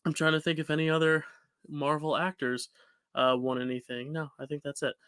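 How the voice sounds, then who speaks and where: Young guy cohosting a chill chat, bright tense voice, kinda high, rambly with lots of ums, dry close mic. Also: flat delivery, brisk, clear, resonant tone, dry recording. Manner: chatty, rambling with fillers and restarts. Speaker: podcast co-host. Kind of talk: casual chat.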